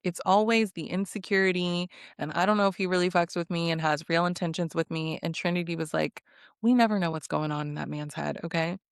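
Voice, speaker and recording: A woman's voice: fairly low pitch, brisk, clear, resonant tone, no echo, clean studio sound. A woman casually recapping a reality dating show, chatty and snarky, acting out what the contestants said. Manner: snarky, chatty, acts out quotes. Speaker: recap vlogger.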